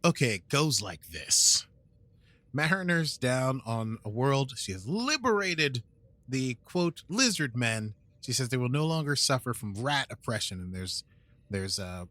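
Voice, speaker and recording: A man's voice: mid-range voice, sharp tone. A man with a British accent co-hosting a casual podcast, recapping episodes in a playful, rambling way. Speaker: podcast co-host. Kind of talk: casual chat.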